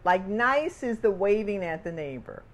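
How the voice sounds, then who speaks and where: Woman chatting casually, animated storyteller, does little voices when she quotes people. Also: medium pitch, moderate pace. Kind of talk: casual chat.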